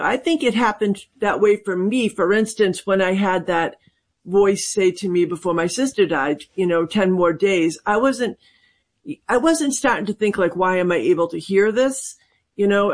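A woman's voice: medium pitch, normal speed. A woman working as a medium, a guest on a call-in radio show, speaking thoughtfully and hesitantly with many fillers and restarts.

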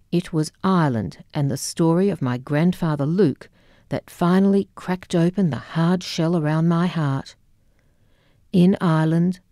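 Woman narrator for a memoir read: low, mellow voice, unhurried, wry and measured, close and dry. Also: no room sound. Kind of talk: reading a memoir audiobook.

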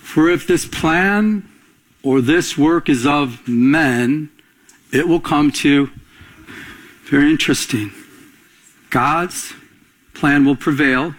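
A middle-aged man preaches with a husky edge to his voice. His pitch sits fairly high for a man. He keeps asking the listeners questions and answering them, building up to emphatic peaks. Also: takes it slowly, pauses often, poor audio. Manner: call-and-response preaching, rising to emphatic peaks. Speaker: pastor. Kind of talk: sermon.

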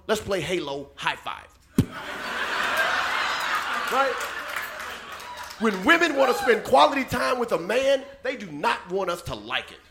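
A man performing a stand-up set, with a loud, punchy delivery and shouted punchlines. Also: sits high. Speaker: stand-up comedian.

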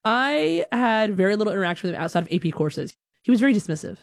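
A woman from Alabama telling a personal story in a lively, self-deprecating way, slipping into voices as she talks. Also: mid-range voice, fast talker, no echo, studio quality. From Huntsville, Alabama, USA.

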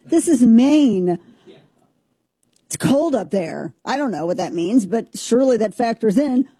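A woman in her forties from Southern Missouri, co-hosting a casual talk show and telling a family story with lively, joking asides. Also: a little high, normal speed, slightly rough, no echo, studio quality. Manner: animated, jokey, talks over herself. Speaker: show co-host.

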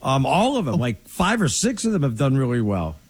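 A man's voice: mid-range voice, huge pitch swings, brisk, slightly rough. A man co-hosting a sports talk show, rambling and emphatic in casual chat. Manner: rambling, restarts often, emphatic opinions. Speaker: podcast co-host.

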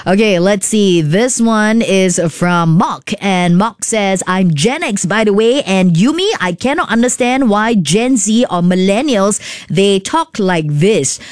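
A woman's voice: mid-range voice, a little slow, smooth, dry recording. Chatty Singaporean woman radio host, dry studio sound. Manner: chatty and expressive, with filler tags like "right?" and "okay?". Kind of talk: radio show chat reading listener messages.

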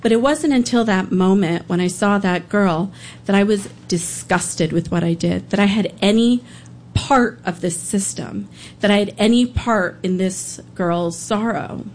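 A woman recounts a personal experience in a live storytelling style. She speaks earnestly, pausing and restarting as the emotion catches up with her. Her voice sits at a middle pitch, with faint noise behind it. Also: a little mellow. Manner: earnest, halting, emotional retelling. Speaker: public defender.

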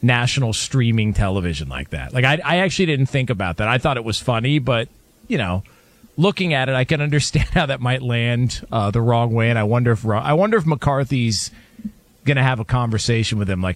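A man's voice: mid-range voice, lively intonation, fairly quick. A man hosting a sports radio show, telling a family story with lots of laughter in casual banter.

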